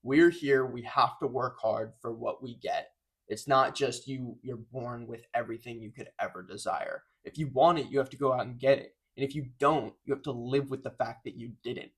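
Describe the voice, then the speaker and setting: A man talks to his viewers in a loose, offhand way, often stopping to correct himself or start over. His voice sits at an ordinary middle pitch and is picked up close to the mic. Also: fairly even intonation, normal speed, fairly bright tone, husky. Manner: rambling, self-interrupting, offhand. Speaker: vlogger. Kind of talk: casual chat to camera. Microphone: close microphone.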